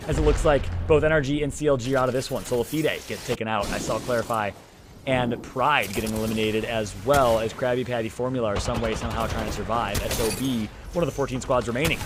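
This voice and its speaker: A Midwestern American man gives color commentary on an esports match, talking fast and joking with his co-caster. His voice sits at a middle pitch. A faint hiss runs under the line.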